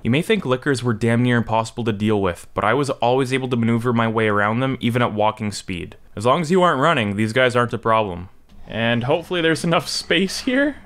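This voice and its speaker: A young man giving live gameplay commentary, swinging between low mutters and panicked yelps and shouts. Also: lively intonation, fast. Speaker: gaming YouTuber.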